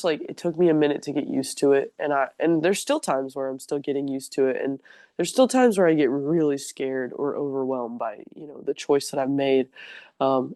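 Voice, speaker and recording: A woman's voice: very deep voice, mellow, no echo, studio quality. A young woman telling her own story in a casual interview, chatty and openly emotional, filling her sentences with "like.". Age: young adult.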